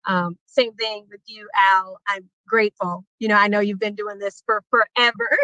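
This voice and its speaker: A woman's voice: mid-range voice, steady tone, moderate pace, dry recording, low-quality recording. An emotional woman giving a laughing, informal thank-you speech for an award over a video call. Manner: warm, laughing often, informal. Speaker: award recipient.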